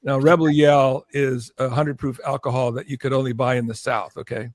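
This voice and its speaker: An older man, a podcast guest and former record executive, telling an animated story in conversation, acting out what others said and checking in with "okay?". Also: medium pitch, a little fast, no room sound, clean studio sound. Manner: animated, acts out quoted voices, keeps checking in with "okay?".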